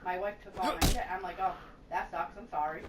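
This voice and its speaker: A woman's voice: lowish voice, a little fast. Profane woman telling stories on voice chat. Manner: profane, animated retelling with quoted voices. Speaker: gamer chatting on voice call. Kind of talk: casual storytelling. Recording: echoey, distant, noisy game voice chat.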